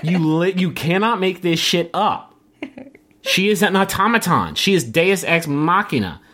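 Brief: male podcast co-host, lively pitch, jokey and animated. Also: a little slow. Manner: animated, joking, swings into high mock voices. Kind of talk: casual chat.

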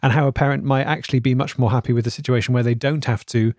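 A man's voice: medium pitch, fairly even intonation, quick pace, darkish tone, no room sound, studio quality, lightly acted. A man playing a hesitant, polite interviewer in a scripted comedy podcast, probing with careful questions. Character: earnest male radio-style interviewer. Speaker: interviewer, presenter.

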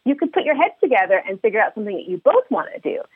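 A woman guest-hosting a podcast, telling a story in casual chat. She is lively and sheepish and acts out her own lines as dialogue. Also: on the high side, rapid-fire, breathy edge, no room sound. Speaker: guest host. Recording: dry, phone-like line.

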